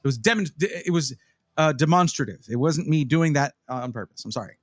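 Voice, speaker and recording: Guy streaming live, fairly high voice that jumps all over, rambly and chatty, dry close sound, faint music behind. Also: brisk, no echo. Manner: animated, rambling, talks to chat. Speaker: streamer reviewing gaming PCs. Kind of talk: casual live-stream chat.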